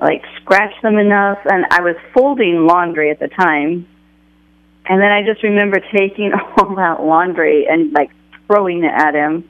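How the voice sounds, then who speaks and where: A man being interviewed as an author, speaking haltingly with lots of fillers as he thinks back. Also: high voice, dry recording, narrow, tinny audio. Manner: halting, many fillers, thoughtful. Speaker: author guest. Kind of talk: conversational interview.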